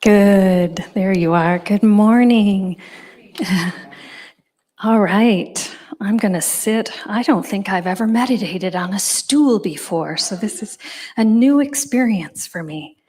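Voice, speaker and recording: A woman leading a church congregation in guided meditation, giving gentle, unhurried instructions with long pauses. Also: mid-range voice. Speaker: meditation leader. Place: church service.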